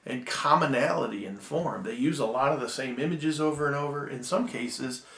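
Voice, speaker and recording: A man giving a recorded Bible-school lecture, measured and full of ums and restarts, slowing down to read poems aloud. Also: mid-range voice, gravelly, a bit bright, roomy sound.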